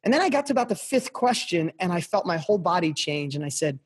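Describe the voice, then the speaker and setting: Husky high-voiced motivational man. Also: very animated, fast. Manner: passionate, emphatic, repeats phrases for punch; speaks straight to listeners. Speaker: podcast guest. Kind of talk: motivational storytelling.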